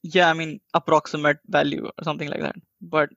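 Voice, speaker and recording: Flat gravelly man from India. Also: on the high side, a little fast, no room sound, lo-fi sound. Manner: wry, laughs while talking. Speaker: podcast co-host. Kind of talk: casual chat.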